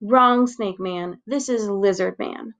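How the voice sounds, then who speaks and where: A woman reading aloud as a playful boy friend, with a slow, teasing delivery. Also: medium pitch. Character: young boy, joking best friend on the phone.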